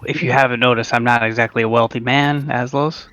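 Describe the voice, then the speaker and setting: Brief: male player, deadpan in-character talk, dry close sound. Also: medium pitch, brisk, no echo, soft background music. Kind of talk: in-character tabletop play.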